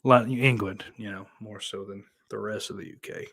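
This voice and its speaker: A man's voice: on the low side, steady tone, normal speed, fairly bright tone, slightly rough. A man with a Southern accent hosting a podcast, reading listener comments and riffing in a profane, rambling, sardonic way. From New York. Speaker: podcast host.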